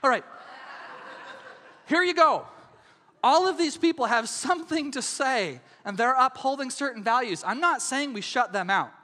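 A man preaching a sermon as pastor, in a lively, conversational way, often asking the congregation whether they follow. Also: very high-pitched, normal speed, in a large hall. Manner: animated, conversational, asks audience questions.

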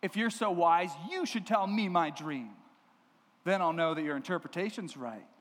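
A man voicing a furious, shouting ancient king who threatens his servants, with a long hall reverb. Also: sits high, moderate pace.

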